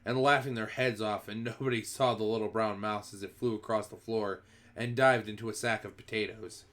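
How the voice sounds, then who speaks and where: A man's voice: on the low side, fairly even intonation, fairly quick, a bit bright. A man streaming a first-person read-through of a children's book, reading expressively and often going back to restart a phrase.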